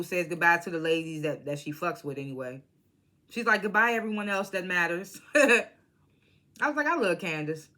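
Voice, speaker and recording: Woman, casual recap vlogger, bright, blunt and profane, animated storyteller. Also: fairly low pitch.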